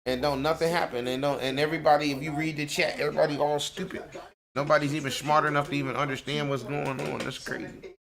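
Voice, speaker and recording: A man's voice: a little high, level tone, fast talker, vocal fry, crowd noise. A man hosting a livestream from home, ranting in a heated, profane, repetitive way. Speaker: livestream host. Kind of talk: angry livestream rant.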